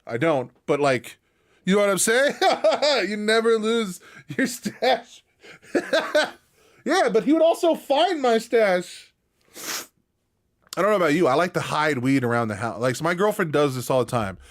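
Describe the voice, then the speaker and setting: Young male streamer, rambling and slangy, higher voice with very lively swings. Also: a little slow. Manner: rambling, laid-back, slangy and animated. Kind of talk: casual live-stream chat.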